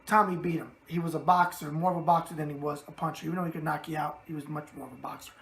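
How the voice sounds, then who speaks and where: A raspy-voiced man with a New York accent runs a boxing mailbag show. He talks in a brash, streetwise way and keeps coming back to his catchphrases. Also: on the high side, level tone, very fast, a bit bright. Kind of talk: casual boxing mailbag talk.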